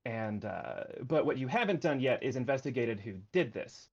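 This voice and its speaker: A man's voice: medium pitch, lively intonation, moderate pace, vocal fry, a little mellow, muffled recording. A man running a tabletop game stream as game master, recapping with a hesitant, filler-heavy delivery.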